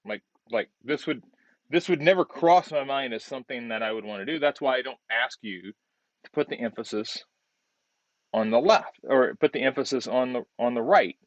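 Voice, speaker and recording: A male design instructor giving relaxed feedback on a student's project while demonstrating on screen, often repeating words as he works. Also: medium pitch, normal speed, dry recording, lo-fi sound.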